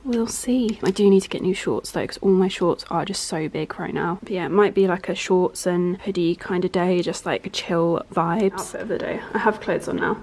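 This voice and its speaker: A young woman chatting casually in a home vlog, bubbly and often dropping into a soft half-whisper. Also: lowish voice, steady tone, fairly quick, few pauses. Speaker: vlogger.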